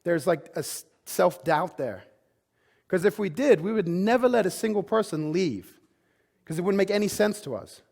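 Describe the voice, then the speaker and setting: A man delivers a motivational conference talk in a slightly high, gravelly voice. He speaks with emphatic punch and peppers his speech with "like" and restarts. He sounds like he's addressing a live room. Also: lively intonation, moderate pace, a little mellow. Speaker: fitness business speaker.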